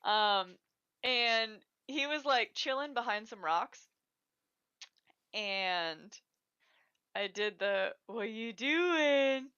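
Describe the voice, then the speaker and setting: Woman co-host, casual rambling chat, crisp voice on dull lo-fi sound. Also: medium pitch, drawn-out words, long pauses, bright, forceful tone. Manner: chatty, rambling, laughs often.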